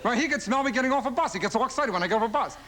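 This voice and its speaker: A male stand-up comedian, firing off observational jokes on a late-night talk show and mimicking fans in silly voices. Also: lively intonation. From Philadelphia. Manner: rapid-fire observational jokes, mimics fans and dog owners in high voices. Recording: old television broadcast with loud audience laughter. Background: studio audience laughing.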